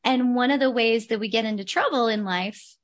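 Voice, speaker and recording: A woman with a fairly high voice speaks as a guest in a podcast interview. She coaches on personal branding and states her points firmly. She repeats her key ideas to stress them. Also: a little fast. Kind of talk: interview conversation.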